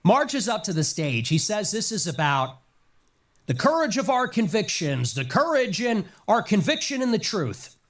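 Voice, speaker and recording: A high-voiced man delivers a sarcastic commentary monologue with a wide, swooping pitch. He mocks and stresses his points in long emphatic lists. A nagging cough keeps breaking through. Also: very animated, moderate pace. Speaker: political commentator.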